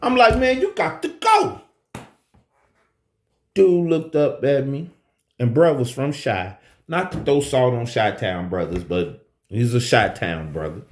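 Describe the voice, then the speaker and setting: A man telling a profane personal story on a live stream, swinging between low asides and high, shouted quotes. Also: animated, measured pace, reverberant.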